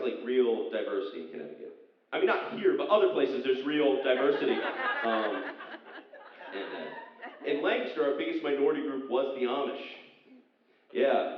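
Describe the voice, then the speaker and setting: Pennsylvania-raised guy doing standup, lively bouncy pitch, really echoey far-off club sound, crowd laughing. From central Pennsylvania. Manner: rambling, self-deprecating, jumps into high silly voices for bits. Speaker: stand-up comedian. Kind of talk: stand-up set. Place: casino comedy club stage. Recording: roomy, distant, dull club recording with audience. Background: audience laughter.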